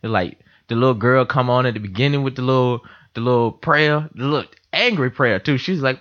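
A man's voice: medium pitch, brisk, fairly bright tone, dry recording. A young man hosting a casual podcast, telling stories animatedly with voiced quotes, recorded at a computer in a house. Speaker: podcast host. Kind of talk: casual chat. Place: room in a house. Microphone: computer mic. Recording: dull lo-fi home recording.

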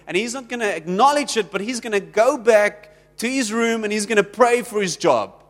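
South African man, pastor, conversational sermon, acts out exchanges, high voice, long reverb. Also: brisk, hardly any pauses, fairly bright tone.

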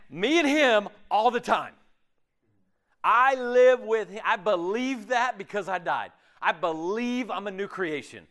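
With a high voice, a man preaches a sermon in an animated, conversational manner, frequently performing imagined voices.

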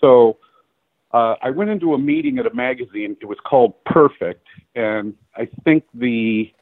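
A man's voice: medium pitch, normal speed, no echo. A middle-aged man, a photographer, telling stories in a casual interview and acting out the dialogue of the people in them. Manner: animated storyteller acting out quoted dialogue, laughing. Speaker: guest photographer. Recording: dry tinny phone-like line.

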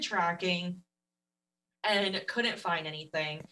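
A woman guest telling a story in a casual, animated way, laughing often and acting out what others said. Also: medium pitch, unhurried, recorded from a distance, rough recording. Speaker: podcast guest.

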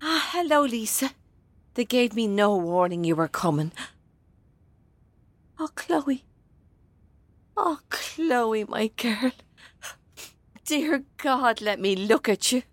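A fierce older Irish grandmother, defiant yet tender with her family. She speaks slowly and earnestly in a fairly high, dry voice. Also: expressive, dry recording. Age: 70s. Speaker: prisoner. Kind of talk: film drama acting.

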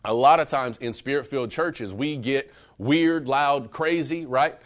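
A pastor delivers a sermon to a live congregation in a church service room, his mid-range voice moving at a measured pace. He is animated and conversational, talking directly to the room and alternating between loud, emphatic bursts and quieter, intimate stretches.

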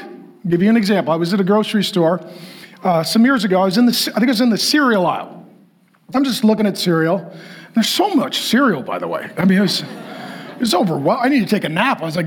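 A man's voice: high-pitched, fast talker, husky. A man preaching a sermon to a congregation, telling a story and acting out the people in it. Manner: animated, acts out quoted voices. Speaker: pastor.

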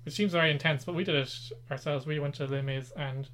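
A man with an Irish accent co-hosting a chatty podcast, reading show plugs in an even, announcer-like way. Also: fairly high pitch, fast talker. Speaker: podcast co-host. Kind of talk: casual chat with show plugs.

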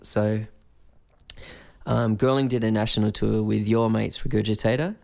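A man's voice: lowish voice, steady tone, moderate pace, gravelly, darkish tone. An Australian man in his forties, a musician, telling a loose, rambling story with plenty of swearing and acted-out voices. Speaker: musician guest. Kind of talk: casual storytelling in conversation.

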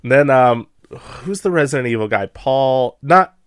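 Relaxed male co-host, mid voice, dry close recording, chuckles through his asides. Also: mid-range voice, clean tone, dry recording. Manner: easygoing, chuckling, quick asides. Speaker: podcast co-host. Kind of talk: casual chat.

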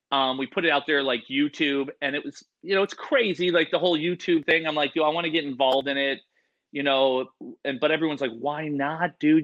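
A man telling a rambling, animated story in a casual interview, acting out the voices of people in it. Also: mid-range voice, muffled recording. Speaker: animal entertainer guest.

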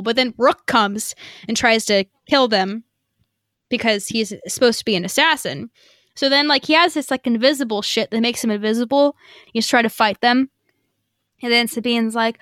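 Chatty high-voiced woman podcast host. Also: normal speed, fairly bright tone, dry recording, clean studio sound. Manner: chatty, profane, lots of fillers and acted quotes. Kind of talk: casual episode recap.

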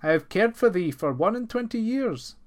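A man's voice: sits high, lively intonation, normal speed, voice pushed up. A man reading the part of a firm old mother in a storybook, speaking plainly. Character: stern old mother of a giant.

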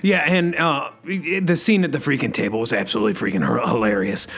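A man playing an overexcited talk-radio host who says "freaking" constantly and leaps up in pitch. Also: steady tone, fairly quick, creaky, fairly bright tone, slightly rough, soft background music. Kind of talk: comedy radio-show sketch.

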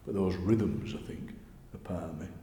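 A man with a Yorkshire accent, a poet telling stories in a lively, chatty interview. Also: low-pitched, moderate pace. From Yorkshire, England. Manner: chatty, animated storyteller, often laughing. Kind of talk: conversational interview. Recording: echoey room with long reverb.

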